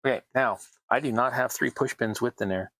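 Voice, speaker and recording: A man's voice: medium pitch, brisk, fairly bright tone, no echo, poor audio. A man hosting a crafting livestream, chatting casually while he works, with wry, self-deprecating asides. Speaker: terrain crafting livestream host.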